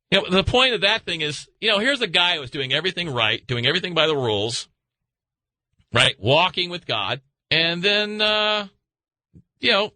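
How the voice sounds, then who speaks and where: A man hosting a late-night talk radio show, talking through a rambling, animated monologue. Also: no room sound. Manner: animated, rambling, acts out voices in high pitch.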